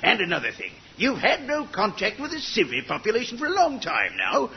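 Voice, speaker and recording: An actor playing a blustering, suspicious army major in a comedy sketch, barking orders in a bombastic way. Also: male voice, sits high, wildly swooping pitch, brisk, slight background noise, exaggerated voice. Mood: rousing. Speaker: army major commanding an isolated gun site. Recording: dull lo-fi old recording.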